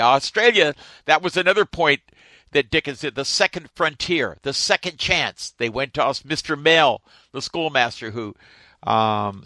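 Man, higher voice, bright tone, opinionated asides, casual book talk. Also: dry recording. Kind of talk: casual group discussion.

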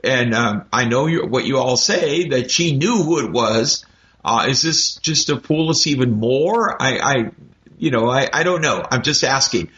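A man sharing firm opinions about a book in a group discussion, talking in quick, animated bursts. His voice is mid-pitched and comes through dull, lo-fi audio. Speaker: book club member.

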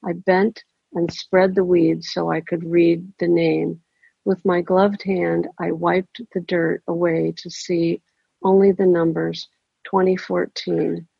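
A woman reads a first-person story in a measured, deliberate way. Her voice is deeply gravelly and husky, and she sits a little low in pitch. The recording is dry and dull, with a lo-fi sound. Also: flat delivery, no echo.

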